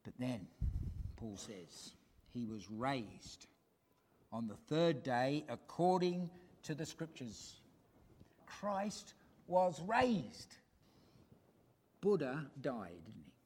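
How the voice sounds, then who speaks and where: A man's voice: mid-range voice, animated, takes it slowly, darkish tone, breathy edge. A man preaching a sermon, emphatic and asking his listeners rhetorical questions.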